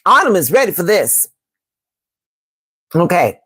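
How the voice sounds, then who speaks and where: A woman's voice: on the low side, big pitch swings, unhurried, fairly bright tone, slightly rough, no echo. A woman from Chicago hosting a live-stream tarot reading. She talks emphatically and repeats herself, calls her viewers "baby" and "y'all," and reads from the chat. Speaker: tarot reader and astrology host.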